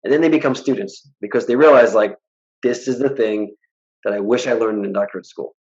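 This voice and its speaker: Fairly low-pitched and a little quick, the hypnotist's voice comes through a muffled recording. As a guest in a casual interview, he speaks frankly and acts out quoted dialogue with animation.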